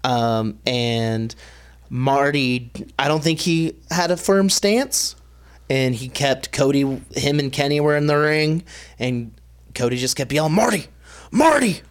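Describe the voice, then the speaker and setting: A man's voice: mid-range voice, steady tone, slow pace, clean tone. A young man co-hosting a casual podcast chat, rambling with many fillers. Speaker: podcast co-host.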